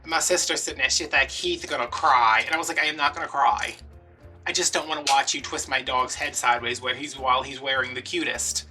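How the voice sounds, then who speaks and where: A man's voice: mid-range voice, fast, distant mic, soft background music. Chatty man telling a story. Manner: chatty, animated, acts out quotes. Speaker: craft vlogger. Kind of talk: casual storytelling while crafting.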